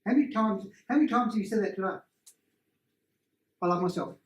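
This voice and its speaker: Man leading a workshop, lively and animated, recorded from across an echoey room. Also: high voice, fairly quick. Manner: animated storyteller who acts out voices. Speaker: energy healing workshop presenter. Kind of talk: casual teaching talk to a small group. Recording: roomy, distant room mic.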